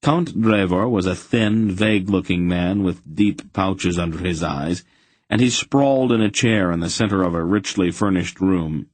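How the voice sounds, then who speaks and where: A man narrates a fantasy audiobook in a steady, even read. His voice is very low and slightly husky. The recording is dry and close, with no room sound. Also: normal speed, no room sound. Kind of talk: scripted narration.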